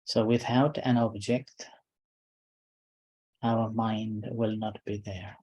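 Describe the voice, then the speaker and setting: A man giving a calm dharma talk as a meditation teacher, in short, unhurried phrases with pauses between them. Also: on the low side, husky, low-quality recording.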